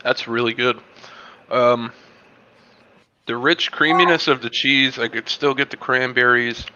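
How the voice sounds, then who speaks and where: Bright-voiced man reviewing beer and cheese. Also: mid-range voice, measured pace, dull audio. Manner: relaxed, rambling tasting notes with fillers. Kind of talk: casual tasting review on a video call. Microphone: video call.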